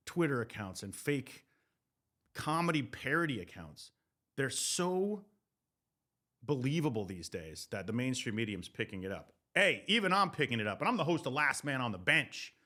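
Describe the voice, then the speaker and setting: A man hosting a sports podcast, ranting comedically with loud, profane riffs. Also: medium pitch, moderate pace. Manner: loud, profane, animated riffing. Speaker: podcast host.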